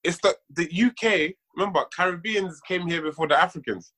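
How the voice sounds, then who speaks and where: A man's voice: high voice, a little fast, fairly bright tone. Joking man on a podcast. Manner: joking, self-mocking. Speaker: sketch comedy actor, podcast guest. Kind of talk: casual podcast chat.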